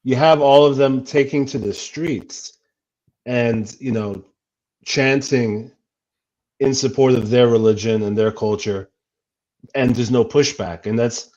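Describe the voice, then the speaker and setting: A man's voice: mid-range voice, fairly even intonation, slow pace, darkish tone. A man talking earnestly as a guest in a casual livestream chat, with many restarts. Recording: dull lo-fi audio.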